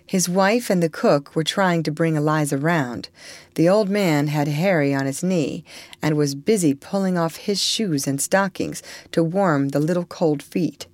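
A woman reading a classic story aloud for children in a clear, lively voice. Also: sits low, measured pace, no echo.

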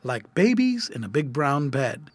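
A man voicing a patient, gentle mother of three children in a storybook reading, speaking softly and kindly. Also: a little high, sing-song, a little slow, no echo.

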